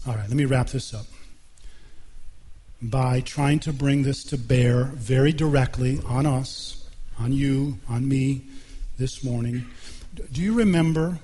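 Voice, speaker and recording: A man's voice: on the high side, warm tone, a little hiss or hum. A man preaching a sermon in a church, earnest and emphatic, often repeating himself. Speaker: pastor.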